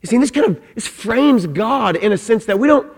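A man's voice: extremely high pitch, animated, moderate pace. A middle-aged man preaching a sermon, emphatic and repetitive, often saying "man". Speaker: pastor. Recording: long reverb of a large hall.

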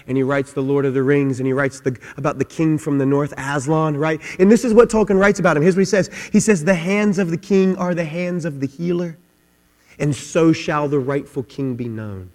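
A man with a high voice preaches a sermon in a large hall. He swings from quiet, low talk up to loud shouting. His words trail off into a long reverb. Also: steady tone, fairly quick. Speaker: pastor.

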